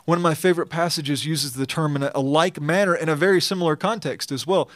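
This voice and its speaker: A pastor giving an expository sermon, reading scripture and then explaining it earnestly and emphatically. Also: male voice, on the high side, fast talker, fairly bright tone, no echo, clean studio sound.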